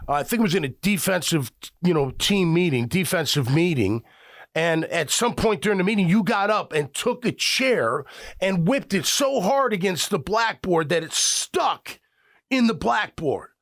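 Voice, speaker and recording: A man's voice: sits high, normal speed, no echo, clean studio sound. A middle-aged man from the Chicago area telling a rambling story on sports radio, full of restarts. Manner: rambling, animated, frequent restarts. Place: radio studio.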